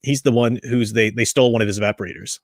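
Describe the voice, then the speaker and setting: A man's voice: mid-range voice, fairly even intonation, fast, no echo, clean studio sound. Chatty man discussing a book. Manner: rambling, chatty, with frequent restarts and fillers. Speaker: book study host.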